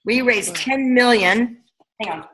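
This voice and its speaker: A woman's voice: a little high, a little slow, a bit bright, slight background noise, rough recording. A woman coaching her team on a leadership call, talking casually and energetically, firing off rhetorical questions. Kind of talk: motivational coaching talk.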